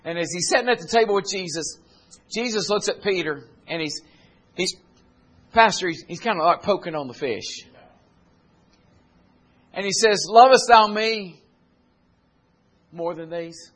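Guy preaching, voice sits up high, folksy storytelling that climbs into loud exhortation. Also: lively intonation, normal speed, long pauses, slightly rough. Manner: retells scripture in plain folksy speech. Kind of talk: sermon.

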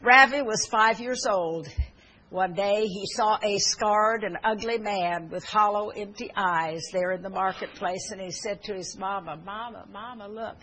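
A woman's voice: mid-range voice, measured pace, bright, forceful tone, slightly rough, rough recording. A woman preaching a sermon, telling stories earnestly with fillers and restarts, and urging her listeners fervently.

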